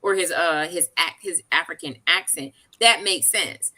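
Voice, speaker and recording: A woman co-hosting a casual live chat. Her voice is bright and ringing, and she talks loosely, with lots of fillers. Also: on the low side, moderate pace, breathy edge. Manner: relaxed, laughing, loose with fillers. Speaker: co-host.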